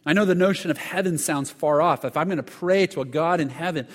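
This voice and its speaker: A man's voice: a little high, a little fast, in a large hall. A man preaching a sermon, telling stories earnestly with frequent restarts and repeated words. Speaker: pastor.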